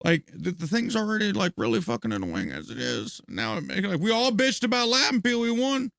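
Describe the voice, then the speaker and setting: Male game streamer, high and gravelly voice, profane animated rants, dry close sound. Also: a little fast, no room sound. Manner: profane, animated ranting with frequent laughs. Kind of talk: live gameplay commentary and ranting.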